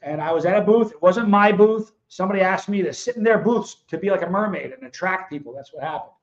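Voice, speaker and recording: This is the host of a livestream show, a man with a high voice and a quick pace. He's casual, blunt and heated with his viewers, almost picking a fight. The sound is dull and lo-fi.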